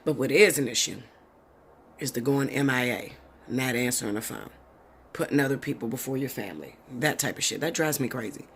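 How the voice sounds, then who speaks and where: A woman giving a casual tarot reading, talking bluntly and profanely with animated storytelling. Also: very deep voice, a little fast, slight background noise. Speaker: tarot reader.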